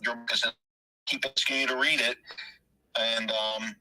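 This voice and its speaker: A male caller in his fifties has a very bright, forward voice. He tells a chatty, casual story on a dry, close-sounding call. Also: medium pitch, steady tone, a little slow, no room sound, low-quality recording.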